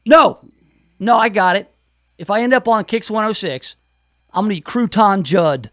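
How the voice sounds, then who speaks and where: High-voiced wisecracking radio host, dry studio sound. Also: male voice, animated, normal speed, no echo. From Memphis area. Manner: wisecracking, puts on hammy country DJ voices. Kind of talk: joking radio banter. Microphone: studio mic.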